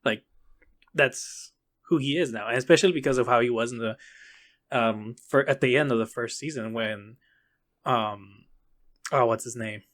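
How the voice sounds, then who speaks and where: A man's voice: medium pitch, moderate pace, long pauses, fairly bright tone. A man co-hosting a podcast in casual reaction chat, loose and chatty, often acting out lines from the show. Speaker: podcast co-host.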